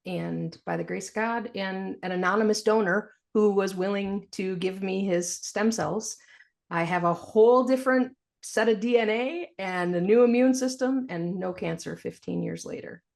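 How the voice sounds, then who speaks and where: A woman, a podcast guest, telling her story in a frank, animated way and laughing through hard memories. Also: mid-range voice, moderate pace, creaky. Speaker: podcast guest, financial planner. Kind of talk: candid storytelling interview.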